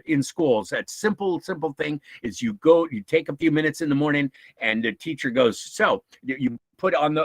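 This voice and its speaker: A man from a nonprofit, giving an informal talk and answering questions in an animated way, with chuckles, restarts and acted-out quotes. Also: fairly high pitch, dry recording, low-quality recording. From United States. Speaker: guest speaker from a nonprofit.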